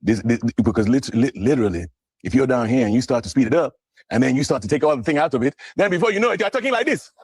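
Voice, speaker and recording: A man's voice: mid-range voice, expressive, rapid-fire, husky, no echo. A man as a podcast guest in casual chat, playful and stammering while he explains.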